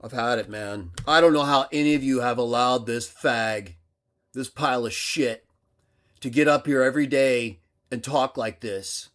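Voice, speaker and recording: Man, livestream host, aggressive rant, drawn-out slow delivery, loud bursts and low mutters. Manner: aggressive, swinging between shouting and muttering.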